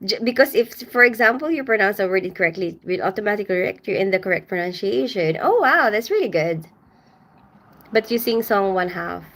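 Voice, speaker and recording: A woman's voice: medium pitch, lively intonation, fairly quick, fairly bright tone. A middle-aged woman from the Philippines hosting a casual livestream from home, reading comments and greeting viewers by name with frequent laughter. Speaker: livestream host.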